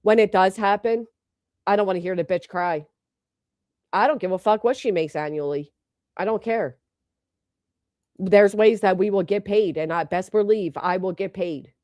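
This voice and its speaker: A woman's voice: medium pitch, normal speed, long pauses, a little mellow, no echo, studio quality. A middle-aged woman hosting a livestream, blunt and profane, reading out viewer names between heated remarks. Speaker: livestream host.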